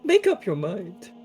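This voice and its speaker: A man playing a tabletop role-playing game, playful and quick to laugh. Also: fairly high pitch. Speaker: player. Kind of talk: tabletop role-play chat.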